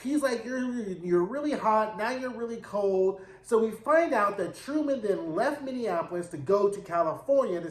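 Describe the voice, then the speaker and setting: A man giving a sassy, slangy, animated recap of a TV episode in a casual commentary style. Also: high voice. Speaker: TV episode reviewer. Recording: roomy echo.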